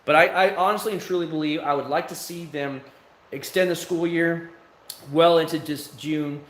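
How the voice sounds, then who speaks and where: A man rambles casually to his stream viewers, speaking into a phone at home. His talk wanders loosely and now and then jumps into loud, higher bursts. The room around him sounds roomy, with a faint hiss of noise behind. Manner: rambling, chatty, with sudden loud, high bursts. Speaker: livestreamer. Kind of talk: casual livestream chat. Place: at home, indoors.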